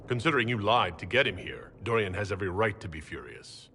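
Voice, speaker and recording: A man's voice: lowish voice, expressive, quick pace, sharp tone, a little hiss or hum. A dry-witted male Inquisitor. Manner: dry, level, wry. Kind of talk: game character dialogue.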